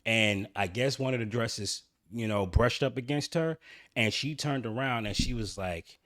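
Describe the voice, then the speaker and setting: A man's voice: medium pitch, lively intonation, moderate pace, a bit bright, dry recording, clean studio sound. A man hosting his own channel, candidly telling a personal story in a rambling way with frequent restarts. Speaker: channel host.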